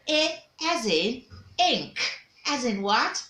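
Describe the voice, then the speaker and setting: A woman's voice: on the high side, big pitch swings, takes it slowly, a bit bright. A woman teaching diction, drilling letter sounds and word examples, praising and having learners repeat. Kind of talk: pronunciation drill lesson. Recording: echoey room with faint ambience.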